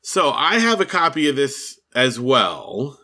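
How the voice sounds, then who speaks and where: A man co-hosting a podcast in relaxed, chatty conversation, often laughing. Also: mid-range voice, slow. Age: adult with children. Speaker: podcast co-host. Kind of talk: casual chat.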